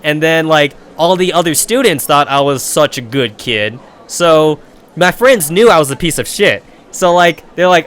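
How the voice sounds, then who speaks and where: A man's voice: on the high side, lively intonation, moderate pace, a bit bright. A young adult man streaming a game and telling a rambling, profane story in a casual way.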